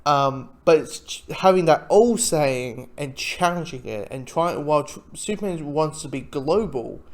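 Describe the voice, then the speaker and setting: A man talks through a TV review in a loose, conversational way, restarting sentences and chuckling as he goes. His voice sits a little higher than most men's. He sounds relaxed and unscripted. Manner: rambling, self-interrupting, chuckles often. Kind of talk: casual spoken review.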